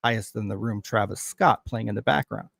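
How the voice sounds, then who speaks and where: A man's voice: on the low side, fairly quick, creaky, a bit bright, no echo. A man hosting a livestream, ranting angrily with constant swearing in loose, heated casual commentary. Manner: profane, angry ranting. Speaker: livestream host.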